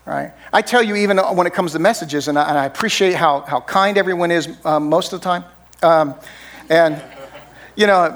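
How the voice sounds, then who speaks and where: This middle-aged pastor delivers his sermon in a fairly high, slightly bright voice at a moderate pace. He talks conversationally, frequently tacking on "right?" to check in with listeners.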